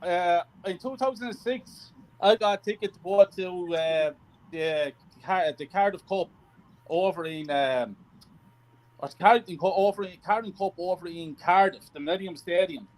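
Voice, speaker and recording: Football fan man, high voice, halting fond storyteller. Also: a little mellow, poor audio. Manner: earnest recollection with ums and restarts. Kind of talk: casual chat.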